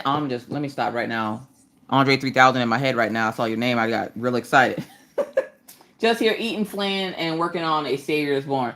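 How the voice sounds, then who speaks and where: At a moderate pace and with a slightly bright voice, a woman chats while she works on diamond painting for her live stream. She keeps things joking and self-deprecating, greeting viewers in high, squeaky voices.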